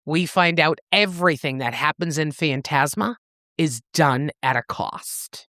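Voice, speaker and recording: A woman co-hosting a podcast, retelling a novel in animated, profane, playful chat. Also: low-pitched, measured pace, no room sound, clean studio sound. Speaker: podcast co-host. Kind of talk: casual book-club chat, retelling a novel.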